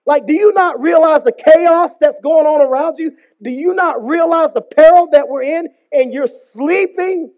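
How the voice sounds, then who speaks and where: A preacher playing an incredulous ship captain. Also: male voice, extremely high pitch, normal speed, hardly any pauses, muffled recording. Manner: incredulous, slangy. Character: exasperated ship captain, adult man.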